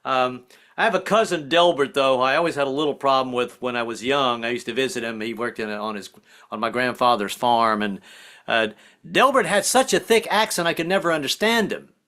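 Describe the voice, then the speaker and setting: A man performing a stand-up comedy set, animated and self-deprecating, slipping in and out of character voices. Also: mid-range voice, a little fast. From Southern United States family. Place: online virtual comedy show.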